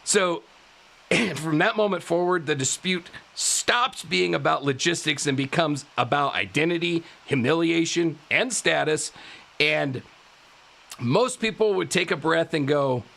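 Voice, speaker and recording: A male podcast host telling a true-crime story in a casual way, animated, laughing often and tripping over his words. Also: a little high, measured pace, creaky. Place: live podcast studio.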